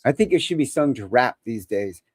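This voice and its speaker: A man's voice: mid-range voice, lively intonation, brisk, breathy edge, no echo. A man hosting a live call-in show, talking in a casual, opinionated and joking way.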